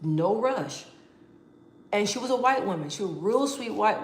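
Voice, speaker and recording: A woman vlogging casually to her viewers, talking in an animated, emphatic way with slang and frequent restarts. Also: mid-range voice, normal speed, roomy sound. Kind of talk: casual talk to camera.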